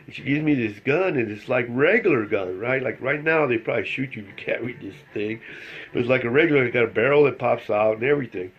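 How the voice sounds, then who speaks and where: A middle-aged Spanish man from El Paso, Texas, tells a casual anecdote, rambling along quickly and chuckling often as he goes. His pitch is average, and the lo-fi recording sounds muffled and slightly dull.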